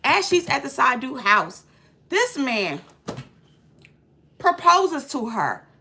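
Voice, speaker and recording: Speaking slowly in a high, creaky voice, a woman recaps a movie in slangy, casual fashion, loaded with filler words. She brings scenes to life by acting them out, and the recording has a slight hiss or hum.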